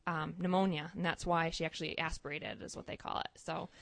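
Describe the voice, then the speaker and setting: A woman's voice: sits low, brisk, vocal fry, no room sound. Earnest mother telling a story. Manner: earnest, animated storytelling with fillers. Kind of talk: casual personal testimony.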